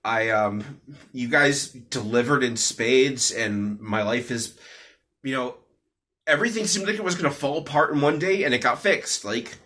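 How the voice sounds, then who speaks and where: A man's voice: medium pitch, a little slow, bright, forceful tone. A young man giving an off-the-cuff personal update at home, rambling with many fillers and restarts. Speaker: vlogger.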